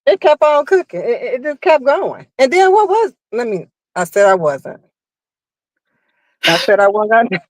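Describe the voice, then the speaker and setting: A woman co-hosting a casual livestream chat, expressive and asking viewers rhetorical questions. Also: on the high side, moderate pace, no room sound. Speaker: livestream co-host.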